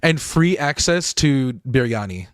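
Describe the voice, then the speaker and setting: A man's voice: medium pitch, expressive, measured pace, no room sound, clean studio sound. A man streaming a game live, rambling and laughing as he talks to his chat.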